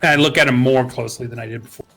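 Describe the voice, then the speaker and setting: A man's voice: mid-range voice, fairly even intonation, racing, a bit bright. A man playing a tabletop game, playful and describing his character's actions, with faint music behind. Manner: playful, slips into character quotes. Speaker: player. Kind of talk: tabletop role-play.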